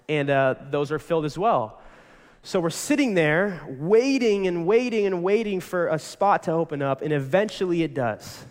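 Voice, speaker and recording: A young adult male pastor delivers a sermon in a large sanctuary with long reverb. His voice sits slightly high for a man. He tells the story dramatically, rising loud in tense moments and dropping to a hush for reflection. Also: animated, moderate pace. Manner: storytelling, dramatic shifts between loud and hushed.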